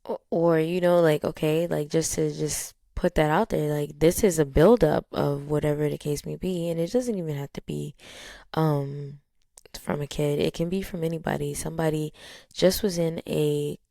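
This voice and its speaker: A woman hosting a podcast in a casual, reflective way. She talks in a low, even tone that stays calm and steady, with many "um"s and "like"s. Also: normal speed, gravelly, no echo, clean studio sound. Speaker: podcast host.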